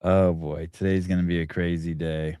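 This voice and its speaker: A man's voice: low-pitched, flat delivery, normal speed, clear, resonant tone, no room sound, clean studio sound. A middle-aged man hosting a casual morning talk show, rambling and restarting his sentences as he talks with callers. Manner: rambling, restarts often, shouts quoted yells. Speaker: podcast host.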